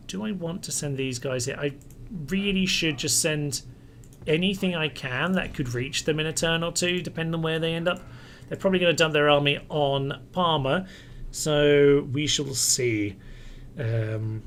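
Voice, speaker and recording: A man's voice: a little slow, fairly bright tone. A man giving casual, wry commentary as he plays a strategy game, thinking aloud and mildly exasperated by setbacks. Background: faint music and air conditioner rumble.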